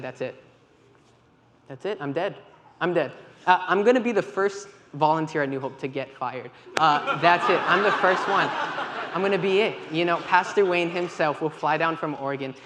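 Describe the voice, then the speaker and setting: A man giving a church talk, telling lively stories with quoted dialogue. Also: a little high, noisy background. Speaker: volunteer leader with kids. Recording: long hall reverb, faint ambience.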